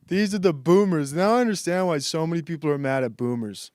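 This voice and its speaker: A man's voice: fairly high pitch, expressive, moderate pace, a little mellow, dry recording, clean studio sound. A man hosting a stream, delivering a rambling, mocking comedic monologue as he reacts to videos and laughs at his own jokes. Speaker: streamer host.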